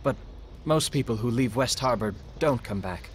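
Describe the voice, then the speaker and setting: An actor voicing an earnest, dutiful young village militiaman in a video game, sincere and warm-hearted. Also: medium pitch, lively intonation, moderate pace, slight background noise, natural voice.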